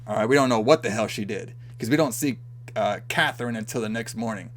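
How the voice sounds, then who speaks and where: A man's voice: on the low side, fast talker. A man co-hosting a podcast, casually recapping a film and acting out the characters' lines with swearing and laughter. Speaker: podcast co-host. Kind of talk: casual movie recap chat.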